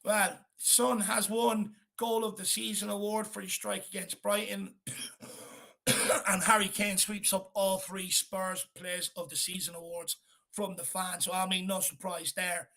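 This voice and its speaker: Male fan host, high bright gravelly voice, blunt and fed up, swears freely. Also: flat delivery, a little slow. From Ireland. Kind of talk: live football watchalong chat.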